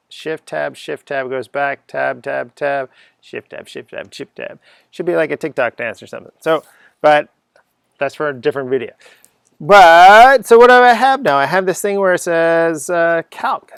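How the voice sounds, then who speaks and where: A man's voice: a little high, vocal fry, clean tone, no echo, studio quality. A middle-aged man giving an unscripted coding lesson, chatty and thinking aloud, humming little sound effects as he types. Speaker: coding teacher.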